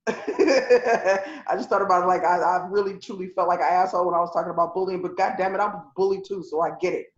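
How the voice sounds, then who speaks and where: A woman's voice: on the low side, fairly even intonation, a little fast. A woman co-hosting a podcast, talking bluntly and profanely in casual chat. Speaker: podcast co-host. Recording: echoey, dull lo-fi room sound.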